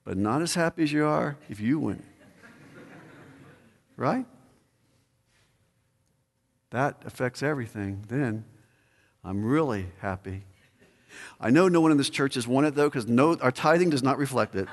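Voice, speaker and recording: A man preaching as a pastor, building to emphatic peaks and then slowing into a measured prayer. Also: mid-range voice, expressive. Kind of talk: sermon and closing prayer. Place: church sanctuary. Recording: long church reverb.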